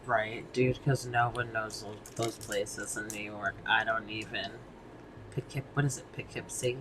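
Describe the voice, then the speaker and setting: A man's voice: lowish voice, fairly even intonation, measured pace, background noise. A man from Massachusetts chatting casually, laid-back and slangy, swearing and laughing often. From Massachusetts, near Boston. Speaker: podcast co-host. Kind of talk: casual chat.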